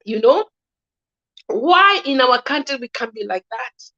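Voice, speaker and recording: A woman with a Kenyan accent giving casual political opinions in halting speech, with many restarts and repeated words. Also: high-pitched, very animated, fairly bright tone. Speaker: guest commentator. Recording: slightly dull lo-fi recording.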